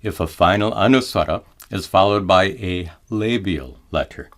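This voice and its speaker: A man teaching Vedic pronunciation in a measured, scripted lesson, chanting his examples slowly and drawn out. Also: sits low, expressive, fairly bright tone. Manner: slow and deliberate, chants examples in drawn-out tones.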